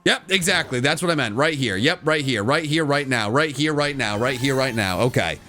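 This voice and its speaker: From a room at home, a man streams live to his chat, offering casual game commentary and repeating phrases as he plays. His medium-pitched voice is expressive and sharp at a normal speed, with faint music in the background.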